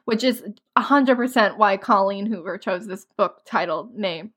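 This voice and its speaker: A young woman chatting casually about a book, sarcastic and quick with asides. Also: mid-range voice, a bit bright. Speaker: podcast co-host. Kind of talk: casual book discussion chat.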